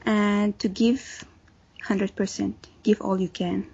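A woman's voice: medium pitch, flat delivery, takes it slowly, gravelly, darkish tone, slightly rough. A woman artist from Syria, a podcast guest, giving earnest, heartfelt advice. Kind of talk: podcast interview. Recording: dull lo-fi sound.

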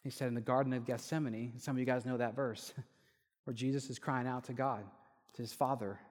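A young man preaching a sermon, telling a personal story and lively when he quotes others. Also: medium pitch, a little fast. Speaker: pastor. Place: church hall. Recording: echoey hall with long reverb.

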